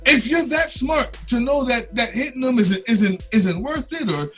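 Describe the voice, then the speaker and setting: A man's voice: very high-pitched, expressive, a little slow, fairly bright tone, slightly rough, soft background music. A man co-hosting a podcast who concedes points and then pushes back insistently. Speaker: podcast co-host. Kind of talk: casual debate on a podcast.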